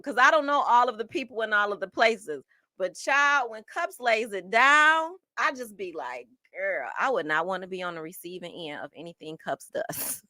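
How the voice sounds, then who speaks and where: A woman speaking hosts a casual livestream, reading out chat messages and reacting in a lively, slangy way. Her voice is bright and forward, and the recording is dry and close to the mic with no room sound. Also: fairly high pitch, dry recording. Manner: animated and chatty, slangy.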